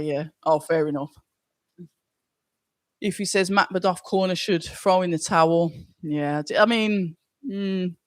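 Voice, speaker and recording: Streamer reading chat out loud on a live watch-along, easygoing rambly talk, dry close sound. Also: mid-range voice, dry recording. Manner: casual, chatty, thinks aloud.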